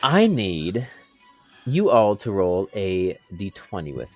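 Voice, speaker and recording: A man narrating a tabletop game as game master in a relaxed, rambling way with fillers. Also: sits low, slow, faint music behind.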